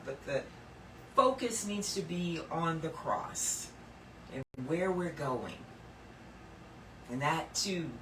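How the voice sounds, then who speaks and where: A woman's voice: distant mic, slight background noise. Earnest woman preaching in an echoey room. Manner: earnest and emphatic, swinging from lifted lines to low hushed ones. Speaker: Bible teacher. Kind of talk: sermon-style Bible teaching.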